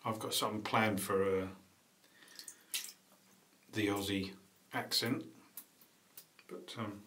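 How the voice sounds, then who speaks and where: A man's voice: fairly low pitch, fairly even intonation, slow, a bit bright, slight background noise. A man chatting casually on a live stream, rambling and greeting viewers between tasks. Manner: rambling, chatty, frequent ums and uhs. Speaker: vlogger hosting a live stream.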